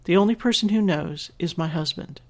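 A woman's voice: lowish voice, fairly quick. A woman hosting a podcast, reading a listener's letter aloud and reacting in an earnest, emotional way, teary and laughing at times. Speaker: podcast host.

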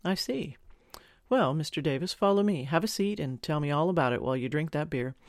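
A man's voice: a little high, brisk, dry recording, clean studio sound, lightly acted. A man voicing a friendly, flirtatious adult woman in an audiobook, speaking in a coaxing, slightly raised voice. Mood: teasing. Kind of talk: audiobook character voice.

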